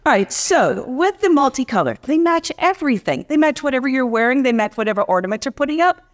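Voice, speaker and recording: A woman's voice: high voice, sing-song, quick pace. A woman making a playful, mock-formal debate case in a chatty way.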